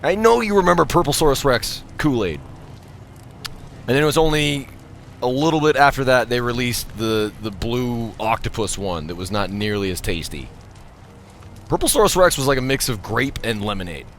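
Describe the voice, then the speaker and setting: A man live-streaming a video game, thanking subscribers, joking, and bursting out loudly at the action. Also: medium pitch, expressive, normal speed, a little hiss or hum. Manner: loud sudden outbursts while playing.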